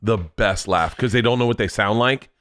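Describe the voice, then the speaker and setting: A man hosting a podcast, joking loudly and reacting fast in casual comedic chat. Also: lowish voice, a little hiss or hum. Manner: loud, joking, quick reactions. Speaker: podcast host.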